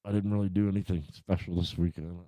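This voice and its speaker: A man's voice: sits low, fairly even intonation, quick pace, dark tone, no room sound. A middle-aged man hosting a livestream, chatting and ranting casually to his viewers with lots of swearing. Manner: profane, rambling, worked-up ranting. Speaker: livestream host. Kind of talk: casual rant and chat to viewers. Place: home room.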